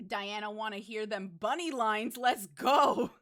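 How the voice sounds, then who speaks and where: A woman's voice: mid-range voice, unhurried, fairly bright tone. A young woman streamer chatting casually on a stream, teasing and giggly. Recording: faint music behind.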